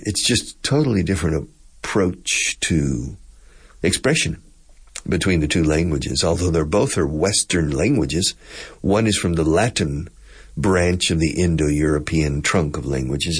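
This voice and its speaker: A man with a Texan accent hosting a radio English lesson for Spanish speakers, chatty and quick to laugh as he explains words. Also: rumbling low, slightly rough. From Texas.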